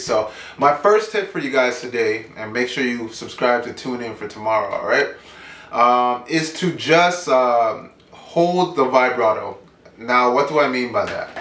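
A man's voice: mid-range voice, fairly bright tone, slight background noise. A man teaching singing in a casual, upbeat online lesson, chatting and singing short demo lines. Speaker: vocal coach. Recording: roomy sound, mic at a distance.

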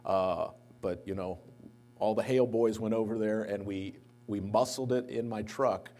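Mellow-voiced man telling memorial anecdotes. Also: on the low side, normal speed. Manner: anecdotal storytelling, lively when quoting others. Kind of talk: eulogy at a memorial service. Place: church sanctuary.

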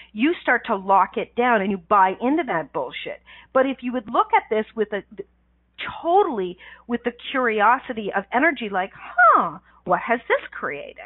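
A woman with a fairly high voice hosts a call-in radio show as a life coach, full of energy, laughing often and using slangy, emphatic phrasing. The recording is dry, over a tinny phone line.

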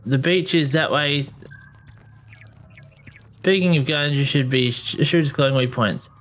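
A man's voice: a little high, a little slow. A man giving joking, exclamatory commentary while playing a video game. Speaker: gameplay streamer. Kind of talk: let's play commentary. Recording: voice over loud game music.

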